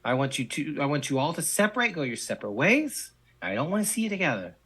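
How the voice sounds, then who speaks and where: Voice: medium pitch, sing-song, quick pace, a bit bright, breathy edge. A game master voicing an irritable, bossy male school official who threatens and blusters. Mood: stern.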